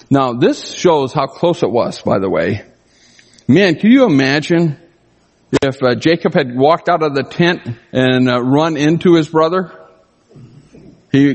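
A pastor giving an expository sermon, reading scripture and commenting on it in a conversational, emphatic way. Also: male voice, fairly high pitch. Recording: long reverb of a large hall.

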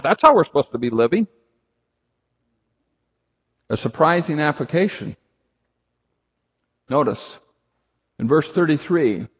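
Older male pastor, earnest and emphatic, husky voice, long hall echo, dull lo-fi sound. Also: a little high, expressive, a little slow, pauses often. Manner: earnest, emphatic, shifts to loud urgent pleading. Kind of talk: expository sermon.

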